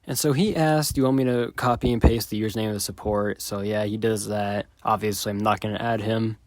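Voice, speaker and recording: A man retelling a chat exchange in a sarcastic, deadpan commentary style. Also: fairly low pitch, fairly quick, no echo, studio quality. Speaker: video creator.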